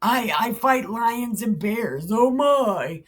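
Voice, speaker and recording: A woman's voice: on the high side, animated, slow, voice pushed up. A woman doing David, brash young shepherd. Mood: defiant. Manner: swaggering, profane, shouty. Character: brash cocky young male shepherd boy.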